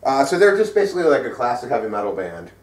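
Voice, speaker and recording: A man's voice: mid-range voice, sing-song, fast. Rambling middle-aged man in a roomy space. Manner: rambling, profane, many fillers. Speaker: co-host. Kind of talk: casual metal news chat. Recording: roomy sound from a distant mic.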